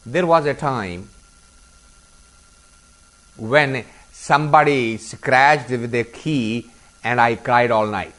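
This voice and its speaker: A man's voice: medium pitch, slow pace, long pauses, fairly bright tone. A middle-aged man giving a live spiritual discourse to a group, asking rhetorical questions and acting out little dialogues. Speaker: spiritual teacher.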